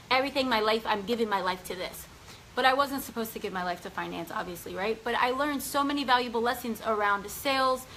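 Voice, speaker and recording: A woman's voice: high voice, a little hiss or hum, poor audio. A woman in her thirties, a spiritual business coach, talking to viewers in a casual, emphatic, motivational way with lots of "right?" and "like". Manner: energetic, emphatic, chatty with many "right?" and "like". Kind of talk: casual motivational livestream talk.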